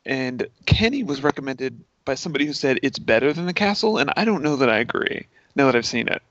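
A man's voice: medium pitch, sing-song, quick pace, a bit bright, no echo. A man chatting casually on a podcast as a guest, gushing and laughing often. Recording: dull, dry sound.

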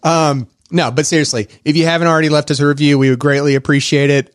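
A man hosting a podcast in casual chat, rambling with lots of fillers and quick laughs. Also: on the high side, little pitch movement, dry recording, clean studio sound. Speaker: podcast host.

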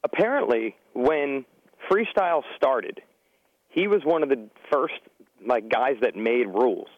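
A man talking as a guest on a podcast, candid and relaxed. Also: mid-range voice, unhurried, dry recording, muffled recording. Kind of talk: casual chat.

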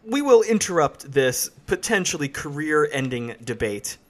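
A man's voice: a little high, normal speed, slight background noise. A tired man hosting a podcast, chatting casually and making fun of himself. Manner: relaxed, self-mocking. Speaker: podcast host. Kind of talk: casual chat.

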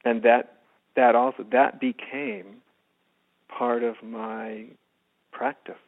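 A man from the United States, a spiritual teacher, telling a personal story in an interview, soft-spoken and halting with many restarts. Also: mid-range voice, sing-song, vocal fry. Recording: phone-like narrow band.

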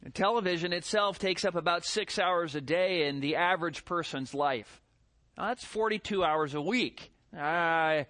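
A middle-aged man preaching a sermon as pastor, animated, with rhetorical questions and mimicked voices. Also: on the high side, normal speed.

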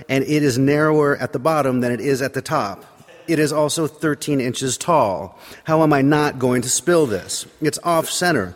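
Man telling a wry story in a reverberant hall. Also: medium pitch. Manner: wry, self-deprecating narration. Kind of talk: personal storytelling sermon.

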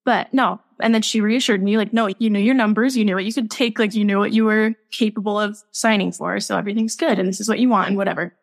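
A young woman talks as a guest on a podcast in a casual, open way. Her sentences are full of "like" and small laughs as she explains herself. Her voice sits at an ordinary pitch for a woman. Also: fairly even intonation, quick pace, creaky, hardly any pauses. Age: young adult. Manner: candid, laughs often, filler-heavy.

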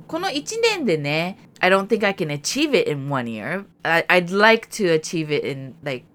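A woman's voice: fairly low pitch, moderate pace. A woman co-hosting a podcast in casual chat, switching between Japanese and English and often laughing. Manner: animated, breaks into laughter. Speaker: podcast co-host.

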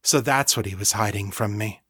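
A man's voice: lowish voice, normal speed, husky, no room sound, clean studio sound. Man reading a grave, blunt pregnant girl. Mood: flat. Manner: grave, quiet, flat.

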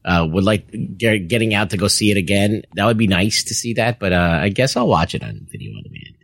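A man co-hosting a casual podcast, talking in a relaxed, profane way. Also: lowish voice, a little fast, vocal fry, dry recording. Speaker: podcast co-host.

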